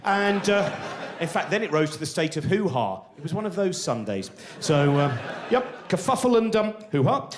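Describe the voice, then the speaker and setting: A man's voice: on the high side, sing-song, moderate pace, background noise. A man, telling a rambling, self-deprecating stand-up story live on a theatre stage. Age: 40s. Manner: rambling, self-deprecating, many restarts and asides. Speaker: stand-up comedian.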